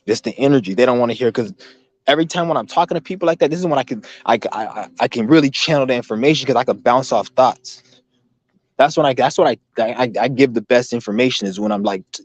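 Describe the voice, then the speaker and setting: A man's voice: medium pitch, dry recording. A man hosting a livestream, ranting in a rambling, profane, combative way from his computer mic. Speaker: livestream host. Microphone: laptop or computer mic, no headphones.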